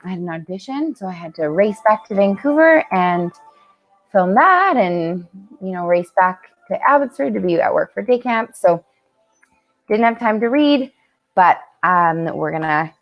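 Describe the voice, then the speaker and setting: A woman reading a bedtime story aloud at home at night, with chatty asides. Her pitch moves in a lively, expressive way as she narrates. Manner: chatty, warm asides between read passages. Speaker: camp storyteller.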